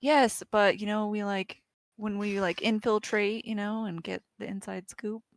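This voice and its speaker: A woman's voice: mid-range voice, fairly even intonation, measured pace, no room sound. A woman playing a tabletop game, talking casually in character, giggling and hedging with "like" and "you know".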